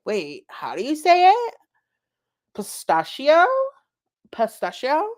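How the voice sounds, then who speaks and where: A woman's voice: high-pitched, wildly swooping pitch, slow pace, pitched above the performer's own voice, heavily acted. A woman voicing a tiny, bubbly, childish woman who talks in a whiny, self-assured way.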